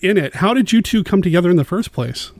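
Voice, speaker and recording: A man hosting a podcast, asking his guests questions in a halting way with restarts. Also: high voice, animated, darkish tone, no room sound. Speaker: podcast host. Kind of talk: interview questions.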